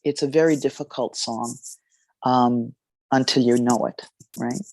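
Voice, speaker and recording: Female jazz vocalist, interview storytelling; gravelly, close dry sound; expressive, halting delivery. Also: a bass voice, dry recording. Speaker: jazz singer.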